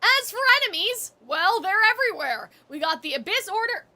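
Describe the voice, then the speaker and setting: A woman's voice: very high-pitched, sing-song, brisk, sharp tone. A young woman streamer chatting while reading game text aloud and reacting to chat.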